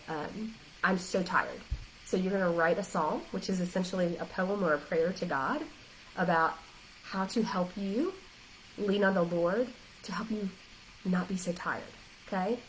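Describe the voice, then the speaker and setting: A woman's voice: fairly low pitch, moderate pace, slight background noise, poor audio. A woman life coach giving a faith-based encouragement talk, earnest, direct and emotional.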